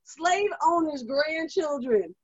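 A woman co-hosting a casual chat at her desk, talking in an animated, rousing and exhortative way. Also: high-pitched, slow pace, dry recording. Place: at a desk indoors. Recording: dull, lo-fi, dry recording.

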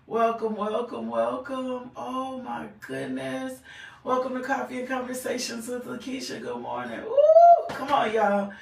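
A woman's voice: a little high, vocal fry. Woman hosting a live stream, gushing hellos and woo's, kinda far from the mic, echoey room. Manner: effusive, repeats greetings, bursts of whoops and praise. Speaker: host of a live faith talk stream. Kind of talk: exuberant live-stream greetings.

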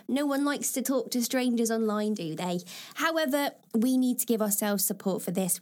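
Chatty lady running a self-help group, kinda high voice, lots of everyday examples. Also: darkish tone. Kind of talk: casual recorded recap talk.

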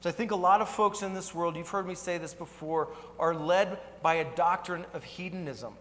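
A man's voice: high voice, normal speed, a bit bright, slight background noise. A man preaching a sermon as pastor in an earnest, conversational way, in a church sanctuary. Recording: long hall reverb.

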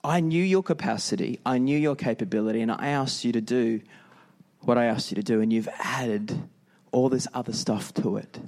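A man voicing God as a calm, patient figure who speaks in a measured, gently corrective way. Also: medium pitch, close to an everyday voice.

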